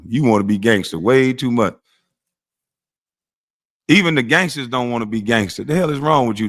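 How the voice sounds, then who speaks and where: Man hosting a live stream, mid-pitched, profane and mocking, blunt delivery. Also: fairly bright tone. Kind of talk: ranting monologue on a live stream.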